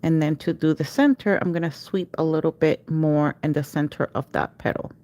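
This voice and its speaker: A woman's voice: sits low, moderate pace, darkish tone. A woman teaching a live nail art class, giving patient step-by-step instructions and chanting repeated cue words as she works. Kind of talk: livestream tutorial.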